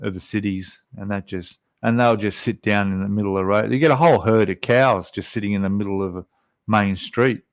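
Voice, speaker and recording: A man's voice: on the low side, fairly even intonation, brisk, no echo. An Australian man hosting a casual live stream, rambling and chatty as he reads out viewer comments. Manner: rambling, chatty, lots of fillers.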